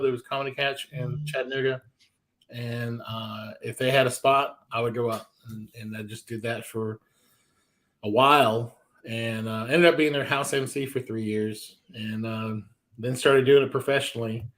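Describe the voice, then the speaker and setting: A man's voice: medium pitch, normal speed. A man in his forties from the American South, a stand-up comedian telling stories in an interview and acting out the voices of people he quotes. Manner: animated storyteller, acts out quoted voices. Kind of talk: storytelling interview.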